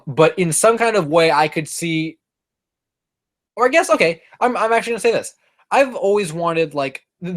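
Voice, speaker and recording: A man talking off the cuff on a live stream, reading out chat messages and answering them. He rambles along, full of "like" and "um", and often starts a sentence over. His voice sits at an ordinary middle pitch. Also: a bit bright. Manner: rambling, many fillers and restarts. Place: apartment room.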